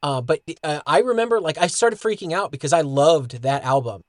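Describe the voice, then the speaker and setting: A man co-hosting a podcast in casual chat, relaxed and earnest, swearing casually. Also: on the high side, a little fast, no room sound, studio quality. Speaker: podcast co-host.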